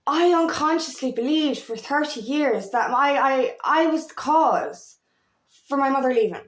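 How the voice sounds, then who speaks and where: Woman in her thirties, empowerment coach, candid rambling monologue, fairly high voice, echoey room. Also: lively intonation, measured pace. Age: 30s. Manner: candid, rambling with many fillers and restarts. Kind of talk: personal monologue to camera.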